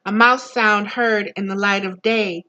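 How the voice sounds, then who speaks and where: A woman reading a book aloud as a spiritual teacher, slow and deliberate, breaking off into soft, low personal asides. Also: fairly even intonation, lo-fi sound.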